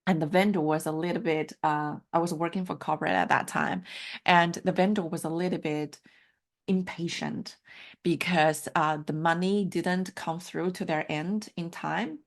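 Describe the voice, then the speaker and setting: A woman's voice: fairly low pitch, steady tone, normal speed, gravelly. A woman who speaks English as a second language after Mandarin, giving a heartfelt, encouraging live coaching talk over a video call, with frequent fillers. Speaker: life coach. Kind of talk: live online coaching session.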